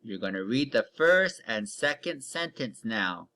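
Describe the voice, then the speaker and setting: Slow, bright-voiced male reading teacher. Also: fairly low pitch, animated. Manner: slow, stretched-out modeling of words with patient step-by-step cues. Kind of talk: recorded online reading lesson for young children.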